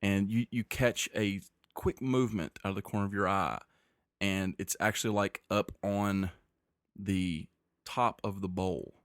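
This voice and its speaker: A man narrating as game master of a tabletop game, describing scenes in a measured way with frequent restarts. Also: on the low side, fairly even intonation, no room sound, studio quality.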